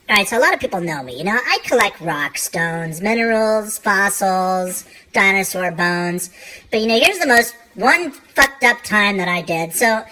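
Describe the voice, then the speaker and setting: A woman's voice: medium pitch, lively intonation, normal speed, sharp tone, low-quality recording. A woman doing a stand-up comedy routine, profane and rambling, full of fillers.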